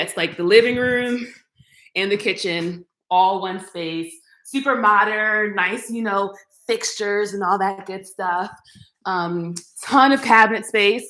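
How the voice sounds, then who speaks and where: A woman's voice: mid-range voice, a bit bright. Chatty woman touring her echoey apartment. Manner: chatty and playful, talks straight to viewers. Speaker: YouTuber giving an apartment tour. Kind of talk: casual live-stream chat. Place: modern open-plan apartment, indoors. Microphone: camera mic, walking through rooms.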